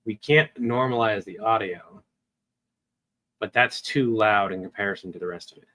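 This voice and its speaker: Man, stream host, casual editing talk, low-ish voice, bright tone, thinking aloud. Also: normal speed. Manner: relaxed, thinking aloud, filler ums. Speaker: video editor, stream host.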